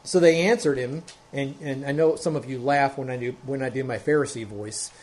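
A man's voice: mid-range voice, a little fast, darkish tone. Male pastor, expository sermon, methodical, verse by verse, increasingly emphatic. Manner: methodical, walks through verses one by one.

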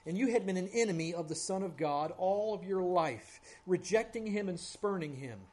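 A man's voice: expressive, moderate pace. Man preaching with rising, swelling intensity. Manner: builds to loud, high climaxes then drops to a hushed prayer. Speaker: pastor. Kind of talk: sermon. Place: church service.

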